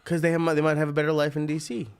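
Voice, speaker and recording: Male podcast co-host, slightly high voice, short casual interjections. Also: monotone, rapid-fire, clean tone. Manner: brief interjections, pushes back casually. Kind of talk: casual chat.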